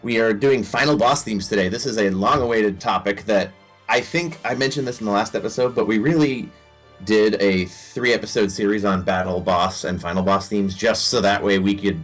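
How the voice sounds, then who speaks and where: Podcast host, male, lowish voice, rambling jokey delivery, soft music underneath. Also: moderate pace. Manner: joking, rambling, playful self-deprecation. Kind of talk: casual podcast chat.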